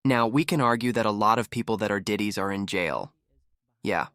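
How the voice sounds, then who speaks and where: A man hosting a commentary channel, talking in a mocking, animated way and acting out quotes. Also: on the low side, a little fast, clean tone, no echo, studio quality. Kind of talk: reactive commentary.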